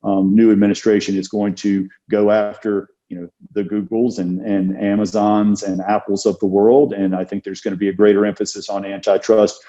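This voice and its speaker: A man who is a criminal defense attorney, talking through an interview in a measured, thoughtful way with many ums and uhs. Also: fairly low pitch, level tone, mellow. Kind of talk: casual interview talk. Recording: dull lo-fi sound.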